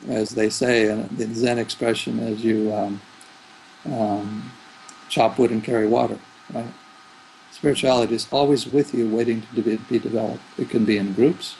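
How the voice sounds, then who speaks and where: A man speaks as a spiritual teacher in an interview, musing in a loose, rambling way with restarts. His mid-pitched voice has a gravelly fry, and faint noise sits underneath. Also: darkish tone, low-quality recording. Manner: rambling, thoughtful, with fillers and restarts. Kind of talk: reflective interview answers.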